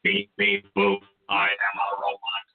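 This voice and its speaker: A voicemail caller pretending to be a robot, speaking in a flat, mechanical way. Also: low voice, unhurried, noisy background. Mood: deadpan. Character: deadpan robot. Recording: echoey distant phone line.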